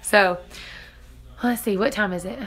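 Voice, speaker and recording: Unhurried and a bit bright at medium pitch, the woman, a mother and vlogger in her thirties, keeps up her casual storytelling chat, frequently laughing and performing quotes.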